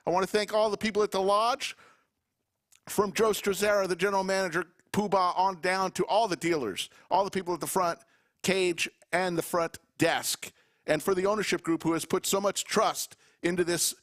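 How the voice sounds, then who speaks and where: A man commentating live poker play-by-play, excited and out of breath, calling out to viewers. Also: sits high, moderate pace. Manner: excited, emphatic calls to viewers.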